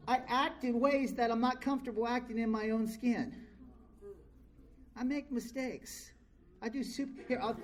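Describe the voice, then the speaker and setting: Speaking in an extremely high pitch on a rough recording, a middle-aged Californian man shares his story with a live audience at a recovery meeting in a convention meeting room. His delivery is candid, blunt and profane.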